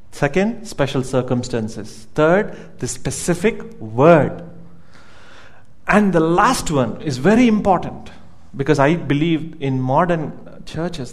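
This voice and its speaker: A man preaching a sermon as pastor, emphatic, repeating words as he builds each point and asking the congregation questions. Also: a little high.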